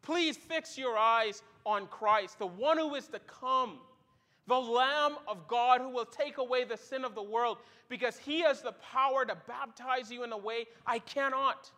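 Middle-aged male pastor preaching, high bright voice, lively storyteller. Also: a little slow. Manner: animated storytelling, acts out quoted voices. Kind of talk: sermon.

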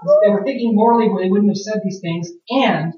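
A man's voice: high voice, fairly quick, dark tone. A man preaching a sermon in a conversational way, often asking rhetorical questions. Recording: very echoey room, distant mic, dull sound.

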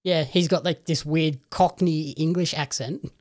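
Relaxed man chatting about a film. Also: on the high side, unhurried. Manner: relaxed, agreeable, filler-heavy. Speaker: co-host commentator. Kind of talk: casual film review chat.

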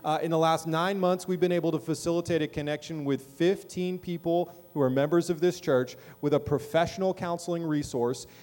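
A man's voice: on the high side, steady tone, fairly quick, few pauses, darkish tone, faint music behind. A middle-aged man preaching a sermon as pastor in a church, talking conversationally and often checking in with the congregation. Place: church sanctuary.

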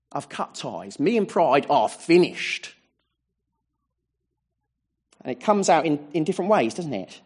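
A man's voice: on the high side, darkish tone, slightly rough. A man preaching a sermon, working through a psalm verse by verse and often adding rhetorical tag questions. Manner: expository, walking through verses.

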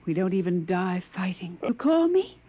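A frightened, despairing woman captive in a vintage radio play. She speaks anxiously in a breathy voice, and the dull, lo-fi recording has the sound of an old broadcast. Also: fairly low pitch, very animated, moderate pace. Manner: anxious, emotional speech. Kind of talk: 1950s radio drama acting.

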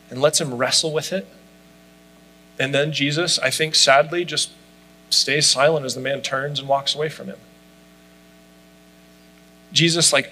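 A man's voice: a little high, sharp tone, poor audio. A man preaching a sermon in a conversational way, often saying "like" as he talks. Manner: conversational, frequent "like" fillers. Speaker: pastor.

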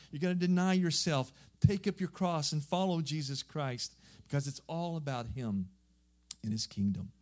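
A man's voice: a little high, a little mellow. A middle-aged man from southern Missouri with its accent, preaching a sermon as a missionary in an earnest, exhorting way.

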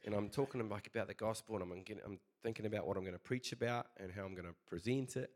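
A man's voice: fairly low pitch, fast talker, darkish tone. A man preaching a casual sermon, chatty and conversational, telling a story with many fillers.

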